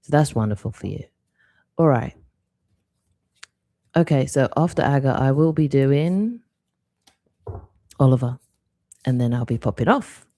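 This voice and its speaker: A woman hosting a live stream, giving an intuitive card reading in a soft, reflective, unhurried way. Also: a bass voice, animated, no echo.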